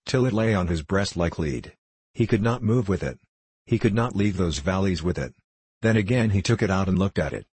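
A man reading a fable aloud as narrator with a measured delivery. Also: low voice, a little mellow, slightly rough, no room sound. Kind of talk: storybook reading.

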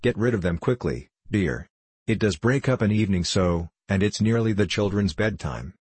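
A man reading the lines of a kindly Edwardian mother in a soft, gentle manner. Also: on the low side, lively intonation, moderate pace, husky, no echo.

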